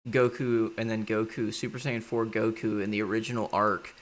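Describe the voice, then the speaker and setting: A man's voice: fairly low pitch, flat delivery, normal speed. A man chatting casually and goofily while drawing on a late-night stream. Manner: goofy, rambling.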